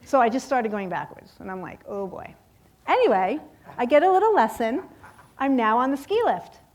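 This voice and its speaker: A woman in her fifties telling a lively personal story in a sermon, acting out voices and laughing often. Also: on the high side, normal speed, slight background noise. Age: 50s. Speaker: guest speaker at a church service.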